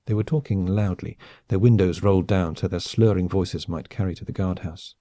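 Reading an audiobook script, a man with a low voice tells the story at an even, measured pace. The sound is clean studio audio without echo.

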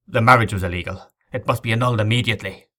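A man's voice: fairly low pitch, very fast, a bit bright, lightly acted. A man playing a stern, commanding young nobleman in a storybook reading, speaking curtly. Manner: curt, commanding.

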